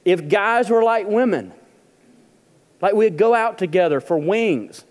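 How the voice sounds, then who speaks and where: A man's voice: high voice, lively intonation, unhurried, long reverb tail. A male pastor preaching a humorous, conversational sermon in a church. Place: church auditorium.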